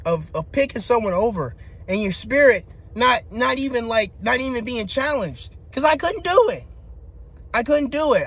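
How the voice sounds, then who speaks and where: A young man ranting about his dating life, cursing heavily and restarting his sentences, his voice climbing into shouts when he gets worked up. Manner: frustrated venting with heavy profanity, restarts, pitch rising into shouting. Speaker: vlogger. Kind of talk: personal rant to camera.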